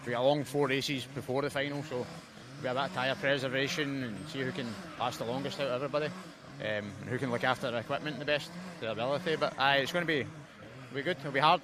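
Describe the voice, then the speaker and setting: Scottish kart racer, quick and matter-of-fact, noisy trackside. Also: male voice, mid-range voice, fairly even intonation. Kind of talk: trackside interview. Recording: outdoor track with clear noise.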